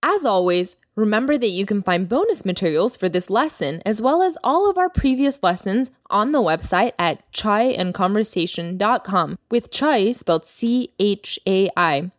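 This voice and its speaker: Animated woman teaching a language. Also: mid-range voice, no room sound, clean studio sound. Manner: clear teacherly delivery, slows down for vocabulary. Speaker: Persian teacher, podcast host. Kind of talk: language lesson podcast.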